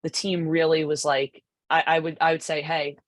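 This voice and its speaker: Brief: low-pitched woman, dry close sound, coaching talk, chatty with lots of "right?". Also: flat delivery, moderate pace, dry recording. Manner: chatty, many asides and rhetorical "right?". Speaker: lacrosse goalie coach presenting. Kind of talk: conversational presentation.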